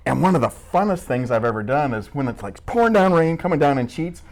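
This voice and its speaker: Joking middle-aged man, lively voice. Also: fairly high pitch, brisk. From Midwest US, Iowa. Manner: joking, self-mocking storyteller. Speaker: school staff member being interviewed. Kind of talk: casual interview chat.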